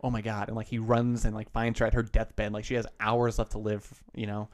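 A man's voice: fairly low pitch, completely flat delivery, brisk. A man co-hosting a casual chat, retelling a story loosely with lots of "like" and restarts.

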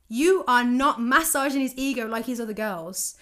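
Animated woman, slightly high voice. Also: moderate pace. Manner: animated, acts out both sides of conversations. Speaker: vlogger giving dating advice. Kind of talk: casual storytelling monologue.

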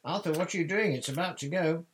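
A man's voice: medium pitch, lively intonation, unhurried, a little hiss or hum, pitched above the performer's own voice, close to an everyday voice. A man voicing a fussing, motherly middle-aged witch in a storybook reading. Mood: urgent calling. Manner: fussing, bustling.

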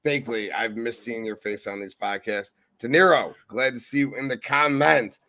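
A man's voice: medium pitch, fairly even intonation, moderate pace, sharp tone. A man who is a guest on a casual podcast, talking with slangy enthusiasm.

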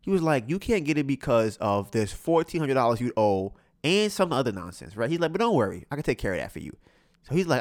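A man's voice: mid-range voice, very animated, quick pace, dry recording, studio quality. A young man hosting a podcast, telling a slangy, exasperated story and acting out both sides of a phone call. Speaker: podcast host. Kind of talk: casual storytelling chat.

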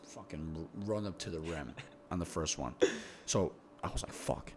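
A man's voice: extremely low pitch, moderate pace, a little hiss or hum. A young man telling a long, rambling, profane story in casual podcast chat, often repeating words as he gets going. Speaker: podcast guest.

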